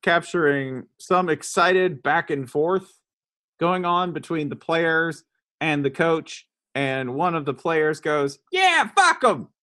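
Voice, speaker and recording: A man's voice: fairly high pitch, steady tone, slow pace, fairly bright tone. A man hosting a comedic podcast, joking around and laughing often. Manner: jokey, laughs often, bursts into silly voices. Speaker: podcast host.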